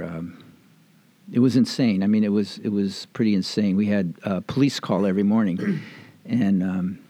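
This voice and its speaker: A man's voice: lowish voice, dark tone, no echo. An older man, interviewed, telling old stories in a rambling, chuckling way with plenty of fillers and restarts. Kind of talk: casual storytelling reminiscence.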